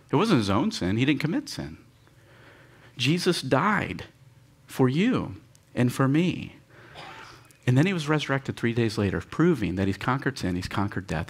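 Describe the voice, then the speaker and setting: A male pastor preaching a sermon, animated and dramatic, with sudden rises in pitch and audible sighs, leading his congregation in reading scripture aloud.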